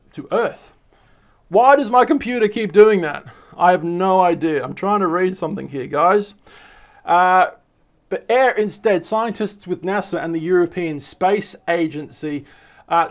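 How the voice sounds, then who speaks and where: Excitable high-voiced man. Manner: excitable, with frequent restarts and repeated words. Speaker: channel host. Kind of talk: casual commentary reading articles aloud.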